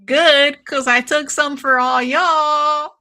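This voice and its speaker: A woman hosting a casual watch-along stream, excitable and swearing freely, calling everyone "dude" while taking shots. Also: high voice, slow pace. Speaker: livestream host.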